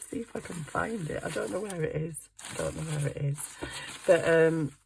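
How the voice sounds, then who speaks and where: A woman's voice: low-pitched, measured pace, creaky, slight background noise. An older woman, a grandmother, chatting casually and giggling as she crafts for her channel. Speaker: craft vlogger. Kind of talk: casual chat while crafting.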